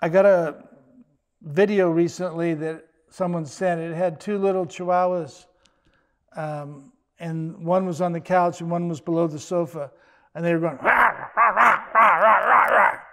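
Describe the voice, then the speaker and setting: Older male pastor, high-pitched, conversational sermon with wry humor. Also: fairly even intonation, a little mellow. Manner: conversational, joking asides with quick restarts.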